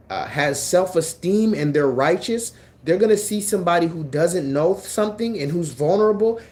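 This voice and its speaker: A man hosting a livestream, talking casually in an animated, mocking and then preachy way. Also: a little high. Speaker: livestream host.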